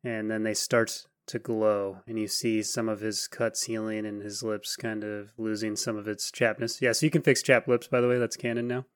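A young man narrating as game master, relaxed and jokey. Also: fairly low pitch, moderate pace, few pauses, clean tone, dry recording, clean studio sound.

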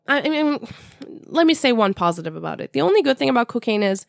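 A young woman hosting a podcast, telling a story in a casual, animated way with lots of swearing and laughter, and dropping Persian words in. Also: fairly high pitch, quick pace, vocal fry, no echo, studio quality. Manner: animated, profane, laughs often. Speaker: podcast host.

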